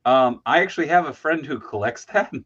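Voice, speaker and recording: A man hosting a live stream, chatting casually and animatedly with guests and shouting out viewers. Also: fairly high pitch, animated, fairly quick, husky. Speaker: stream host. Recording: slightly dull lo-fi stream audio.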